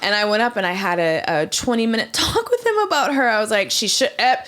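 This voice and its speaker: Casting: woman co-host, casual chat, lively storyteller who trips over words. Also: fairly high pitch, fast talker. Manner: animated storyteller with stumbles and restarts. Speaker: podcast co-host.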